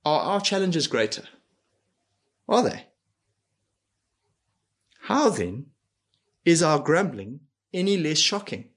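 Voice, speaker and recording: A man's voice: fairly high pitch, very animated, slow pace, pauses often, a bit bright, husky. A man preaching a sermon in an earnest way, asking rhetorical questions and acting out quoted lines. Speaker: pastor.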